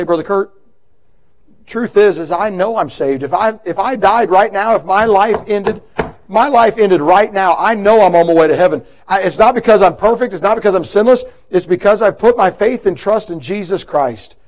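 Pastor, male, higher register; earnest pleading preacher leading an altar call. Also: rough recording. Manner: earnest, pleading, swings from loud to hushed.

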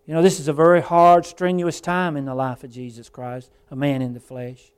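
Male preacher with a fairly high voice; fervent evening sermon, drops to near-quiet then surges loud. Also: level tone, moderate pace, few pauses, clear, resonant tone. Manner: fervent, swings between hushed and loud; addresses congregation as folks and brother.

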